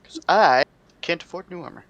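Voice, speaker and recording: A man's voice: on the high side, lively intonation, normal speed, a bit bright, highs cut off. A man playing a tabletop game, chatting casually and hesitantly. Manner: hesitant, with fillers. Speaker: player.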